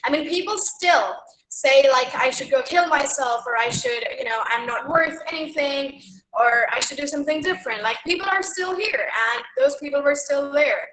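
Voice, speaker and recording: A woman's voice: high voice, moderate pace, a bit bright, roomy sound, low-quality recording. A young woman in her late teens from Haryana with an Indian English accent, chatting through a motivational talk to students, full of "like" and "you know". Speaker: guest speaker at a school.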